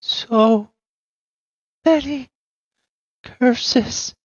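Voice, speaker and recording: A game master voicing a deranged, weeping woman who shrieks and raves in a high, far-off voice. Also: drawn-out words, no echo, lo-fi sound. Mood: raving. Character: deranged weeping woman, grief-mad and frantic.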